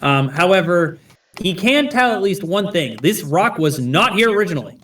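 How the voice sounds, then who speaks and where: A man runs a tabletop game as game master, narrating scenes and calling for rolls, with frequent ums. His voice sits fairly high and sounds a bit distant from the microphone. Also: sing-song, normal speed, a bit bright, a little hiss or hum. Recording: voice far from the mic.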